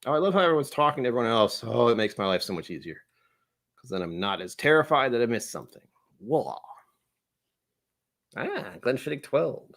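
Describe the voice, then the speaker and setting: Male vlogger, casual tasting chat, self-deprecating asides, lively pitch. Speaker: whiskey vlogger.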